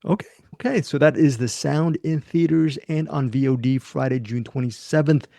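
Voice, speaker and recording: A male podcast host with a gravelly edge and a fairly high voice. He talks in a deliberately lively, animated way on a casual film review show, recorded dry and close. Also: no room sound.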